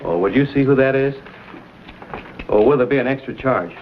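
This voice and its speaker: An actor playing a bold frontier adventurer who talks in a wry, easygoing, cocky way. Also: male voice, medium pitch, animated, normal speed, close to an everyday voice. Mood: amused. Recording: dull old TV audio with hiss.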